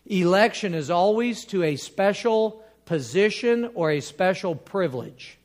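A man preaching a sermon as pastor, quoting scripture and building to emphatic, drawn-out points. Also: high voice, animated. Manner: preaching with rising emphatic bursts and drawn-out key words; quotes scripture in old King James wording.

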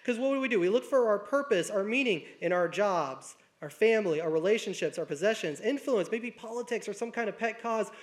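A man's voice: high-pitched, fairly quick, hardly any pauses. A young man preaching a conversational sermon, telling a story with a self-deprecating touch and acting out the people he quotes.

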